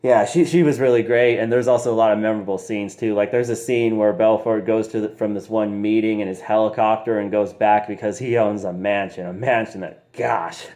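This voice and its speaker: A man's voice: fairly low pitch, steady tone, fairly quick, hardly any pauses, darkish tone. Rambling, giggly young-sounding man reviewer. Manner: rambling, giggly, peppered with mild slang. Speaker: movie reviewer. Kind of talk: casual video review.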